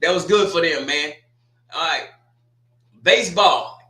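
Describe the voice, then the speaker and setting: A man hosts a casual sports talk livestream, joking and trash-talking between restarts and asides. His voice sits high and sounds bright. The room around him is noticeably echoey. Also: measured pace.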